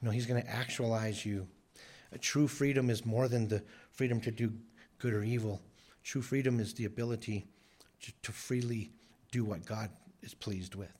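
A man's voice: medium pitch, steady tone, normal speed, a little mellow. A man preaching a sermon in an earnest, emphatic way, often repeating phrases for stress. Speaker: pastor.

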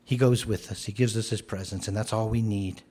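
A man preaching a sermon, earnest and explanatory, rising to emphatic declarations and dropping to a soft, gentle tone. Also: fairly low pitch, fairly even intonation, fairly quick, slightly rough. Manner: earnest, rises to emphatic commands then drops soft.

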